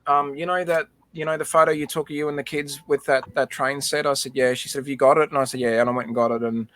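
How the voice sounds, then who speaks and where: A man's voice: a little high, fairly even intonation, quick pace, a bit bright, no room sound. A man hosting a livestream, telling a personal memory in casual chat and often repeating words. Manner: emotional storytelling, repeats words. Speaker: livestream host.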